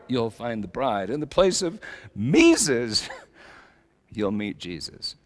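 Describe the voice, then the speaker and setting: A middle-aged male pastor preaching a sermon, swinging between loud emphatic lines and hushed low phrases. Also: big pitch swings, takes it slowly. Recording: long hall reverb.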